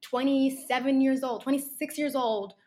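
A woman in her thirties, chatting casually on a podcast and telling animated stories full of fillers and restarts. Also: sits high, moderate pace. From Ireland.

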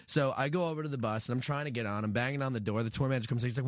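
Profane animated man telling a story. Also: medium pitch, very fast, hardly any pauses, dry recording, studio quality. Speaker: guest musician. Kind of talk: casual podcast chat.

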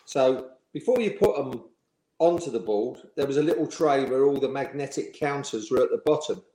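A man, a former professional footballer, telling lively anecdotes in an interview and laughing along. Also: mid-range voice, moderate pace. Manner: chatty storyteller, laughs while telling. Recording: roomy echo.

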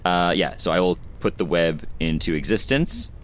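A man's voice: low-pitched, lively intonation, moderate pace, a crowd in the background. A man playing a tabletop game, speaking hesitantly with many ums. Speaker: player. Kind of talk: casual tabletop play.

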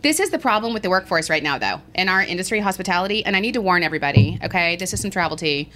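Animated storytelling woman podcast host. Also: fairly low pitch, racing, slight background noise. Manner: animated storyteller, acts out quoted people. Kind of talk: casual chat.

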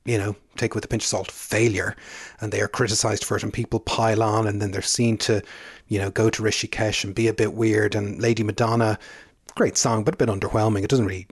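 A man's voice: fairly low pitch, level tone, a little fast, slightly rough, no echo, clean studio sound. A man co-hosting a podcast in casual chat, rambling with frequent fillers and asides. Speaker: podcast co-host.

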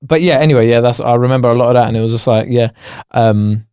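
Playful podcast co-host, close and dry. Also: male voice, mid-range voice, a little mellow, clear, resonant tone, no echo. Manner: playful, quick punchlines, laughs a lot. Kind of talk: casual banter.

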